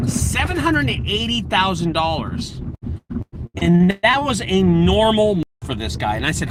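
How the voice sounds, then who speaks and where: Man, small business vlogger, animated storyteller, faint noise. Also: high-pitched. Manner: animated storytelling, slangy and excitable. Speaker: junk removal business owner and channel host. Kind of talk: casual live video talk.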